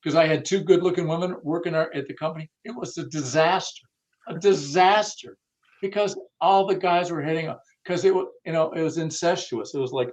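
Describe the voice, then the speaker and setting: A man with a slightly high voice tells stories in a casual interview, blunt and salty, often slipping into the voices of people he quotes. The sound is a little muffled and lo-fi. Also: fairly quick, a little mellow. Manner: blunt, profane, acts out quoted dialogue. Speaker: guest, car audio industry veteran.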